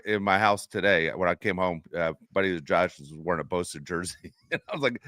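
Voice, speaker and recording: A man with a lowish voice co-hosts a sports podcast in casual chat. He tells stories with animation and laughs often. The sound is dry and close, with no room around it. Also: expressive, fast, fairly bright tone, dry recording. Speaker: podcast co-host.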